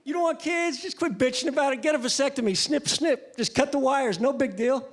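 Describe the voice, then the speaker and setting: A man's voice: very high-pitched, brisk, voice pushed up. A man voicing a pushy male friend who brushes off worries and nags. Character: pushy male buddy urging a quick fix.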